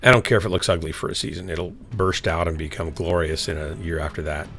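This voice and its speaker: This man's voice sits low and is a bit bright, with a steady tone and a fast pace, and faint music plays behind him. While gaming on stream, he rambles through a story in casual chat, using lots of fillers and starting over often.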